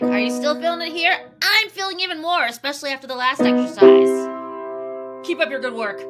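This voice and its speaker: A woman singing teacher giving an upbeat, encouraging vocal lesson with sung warm-up exercises over piano. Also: sits high, animated, normal speed. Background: piano accompaniment.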